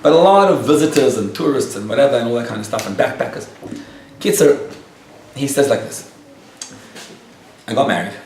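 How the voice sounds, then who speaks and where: Animated storytelling rabbi, echoey room. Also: male voice, mid-range voice, fairly quick, long pauses, a little hiss or hum. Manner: animated storyteller acting out quoted dialogue. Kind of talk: storytelling lecture. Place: lecture room with a live audience. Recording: echoey room, picked up from a distance.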